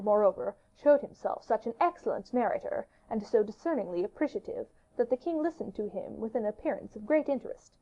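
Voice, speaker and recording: A woman narrating a classic novel, reading steadily. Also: medium pitch. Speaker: audiobook narrator. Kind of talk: scripted narration. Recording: dull lo-fi audiobook recording.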